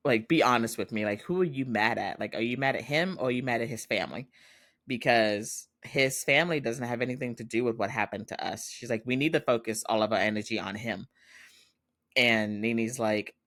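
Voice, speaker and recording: A podcast host, a man, casually recapping a TV drama episode and acting out the characters' lines. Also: fairly low pitch. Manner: animated retelling, acting out quoted lines and laughing often.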